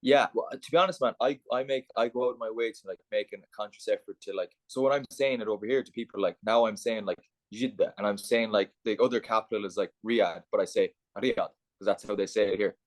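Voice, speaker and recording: Fast-talking Irish man, dry close sound. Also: fairly low pitch, steady tone, no echo. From Ireland. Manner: rapid, rambling, peppered with "like". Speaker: podcast guest. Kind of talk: casual podcast chat.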